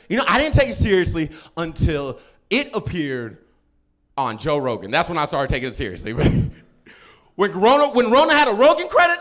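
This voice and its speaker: A male stand-up comic on a club stage, with a high voice that swings all over. He jumps into loud shouted quotes. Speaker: stand-up comedian. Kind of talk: stand-up set. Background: live audience.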